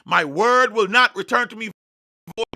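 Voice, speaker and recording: Gravelly, bright-voiced preacher. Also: male voice, high-pitched, normal speed. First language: Jamaican Patois. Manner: emphatic, insistent preaching that swings into loud declarations. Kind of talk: online sermon broadcast.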